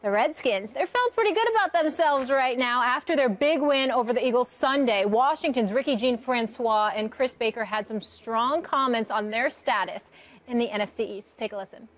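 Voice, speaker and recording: A woman moderating a sports debate show, composed and crisp as she reads news items and hands off questions. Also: a little high, expressive, moderate pace.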